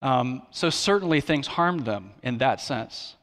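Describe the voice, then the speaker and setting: A man's voice: mid-range voice, lively intonation, unhurried, fairly bright tone. Earnest male pastor in a reverberant hall. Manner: conversational and earnest, with light humor and repeated restarts. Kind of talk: sermon. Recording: long reverb of a large hall.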